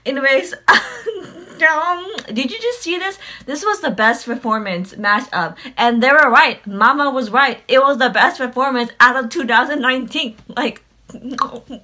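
A woman's voice: high voice, lively intonation, a little slow, pushed and bright. A woman vlogging from her bedroom in a casual reaction video, chatty and swearing freely. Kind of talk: casual fan reaction vlog. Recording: pop music playing behind the voice. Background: pop music.

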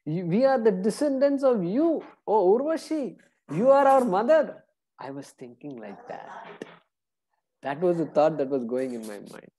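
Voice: mid-range voice, sing-song, unhurried, dark tone, voice pushed up, poor audio. A teacher voicing an earnest young warrior prince who politely and awkwardly turns down a proposal in a scripture story. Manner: flustered, respectful refusal.

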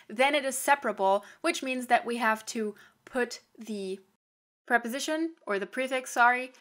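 A young woman with a slightly high, bright, forceful voice talks through a language lesson. Her delivery is chatty and lively, full of quick asides to the viewer. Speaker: language teacher. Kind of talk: casual video lesson.

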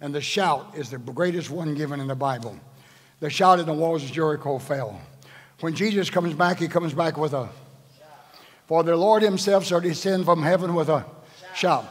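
A man's voice: fairly high pitch, normal speed, slightly rough. An older man, a bishop, preaching a sermon at a live church service and quizzing the congregation with rhetorical questions. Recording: echoing church hall.

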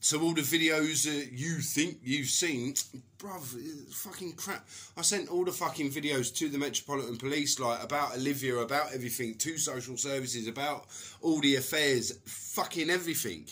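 A middle-aged man rants furiously to the camera, swearing hard. His voice is sharp and forceful, and he slips into mocking put-on voices as he goes. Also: mid-range voice, husky. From England. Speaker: vlogger. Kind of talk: angry personal rant to camera.

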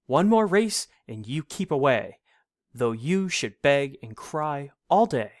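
A man's voice: a little high, sing-song, slow pace, dry recording, clean studio sound. A man voicing a stern father hare scolding his son in a storybook reading.

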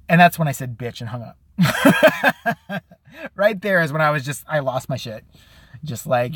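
A man live-streaming a casual rant, profane and sarcastic, who often mimics other people in a high, mocking voice. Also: lively intonation, brisk, a bit bright, dry recording. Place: out and about, at a store.

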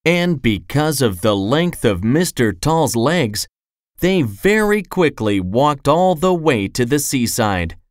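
A storyteller reading a children's storybook aloud in a slow, expressive way. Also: mid-range voice, no room sound. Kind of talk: scripted storybook narration.

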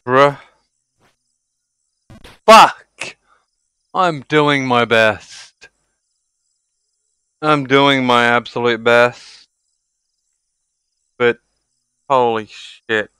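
A young man streaming a game live, tipsy from drinking, exasperated and swearing with loud outbursts. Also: mid-range voice, steady tone, drawn-out words, pauses often, clear, resonant tone, no room sound.

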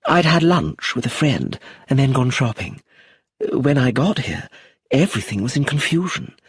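Poised stage actress in middle age, put on by a husky-voiced male narrator, slow and dignified, pitch swings widely. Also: big pitch swings, no room sound, clean studio sound, heavily acted. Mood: calm. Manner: slow, dignified, theatrical delivery.

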